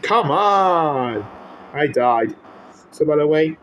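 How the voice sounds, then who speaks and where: A man narrates his game in slow, drawn-out commentary, his bright voice a little higher than most. He yelps and swears at enemies as they come at him. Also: expressive, slight background noise. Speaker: gaming YouTuber. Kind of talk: let's-play commentary.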